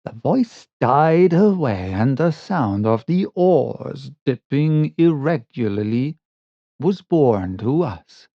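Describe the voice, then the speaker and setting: Man reading a spooky story, slow and dramatic, dry muffled sound. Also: mid-range voice, very animated, no echo. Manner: slow, dramatic, varied delivery. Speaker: audiobook reader. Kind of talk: scripted story narration. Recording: dull lo-fi recording.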